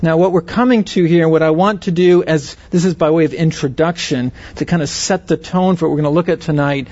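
In a teaching sermon, a man with a high voice and darkish tone leads a Bible lesson for a group; the audio sounds dull. He puts weight on key words and often asks his listeners questions to see if they're with him.

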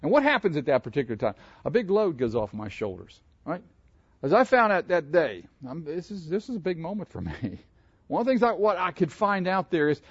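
Animated preacher man, muffled sound. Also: a little high, brisk, vocal fry, husky, dry recording. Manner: animated, asks the room questions. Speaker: pastor. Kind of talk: interactive sermon with congregation.

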